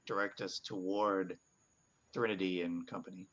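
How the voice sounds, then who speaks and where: A player speaking in character during a tabletop role-playing game, casual and quick to laugh. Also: sits low, little pitch movement, a bit bright.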